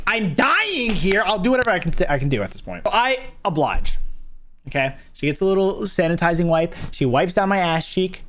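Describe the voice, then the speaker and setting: A young man telling a story in a casual vlog, swearing often and acting out what the other people said. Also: high voice. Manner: profane, animated, acts out others in the story.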